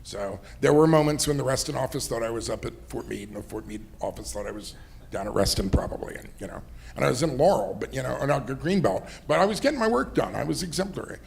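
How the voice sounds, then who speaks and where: Slight background noise accompanies this mid-range, creaky voice, which is expressive and fast. The speaker, a middle-aged entrepreneur and investor interviewed in a fireside chat, rambles through anecdotes full of "you know"s and laughter.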